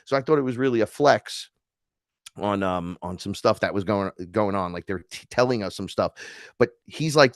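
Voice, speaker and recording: Male podcast guest from New York, casual storyteller, low voice, dry close sound, lively quoted voices. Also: normal speed, no room sound. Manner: animated, acts out quoted voices, swears freely.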